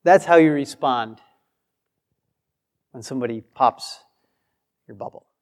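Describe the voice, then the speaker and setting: A man's voice: mid-range voice, a little slow, darkish tone. A man preaching a sermon with emphasis, acting out the replies he quotes. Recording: long hall reverb.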